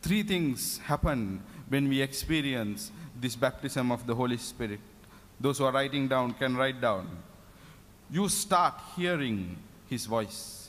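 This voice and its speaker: A man's voice: medium pitch, animated, a little slow, fairly bright tone. A man preaching a sermon at a prayer meeting, fervent and given to repeated hallelujahs. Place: prayer meeting in a reverberant hall. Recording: long hall reverb.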